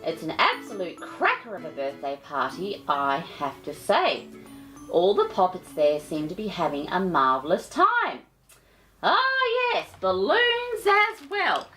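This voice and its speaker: Slow, sing-song woman reading a storybook. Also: medium pitch, sharp tone. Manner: theatrical, affectionate asides to listeners. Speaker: children's storyteller host. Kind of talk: children's picture book read-aloud.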